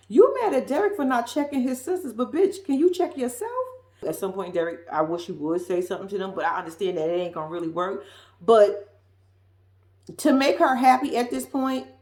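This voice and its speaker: A woman's voice: high-pitched, darkish tone, echoey room. A woman giving a blunt, profane, sassy recap of a reality TV episode, acting out what people said in exaggerated voices. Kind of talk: casual reaction commentary.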